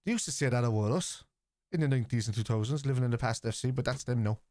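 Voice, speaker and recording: Speaking fast at medium pitch, a man with a Scouse accent hosts a live football watchalong stream. He reacts to the match, argues bluntly with viewers in the chat, swears freely and shouts players' names.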